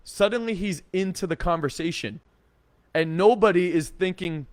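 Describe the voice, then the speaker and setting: A man giving casual dating advice to camera, energetic and blunt, with swearing and lots of 'like'. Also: high-pitched, moderate pace, no echo. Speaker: dating coach.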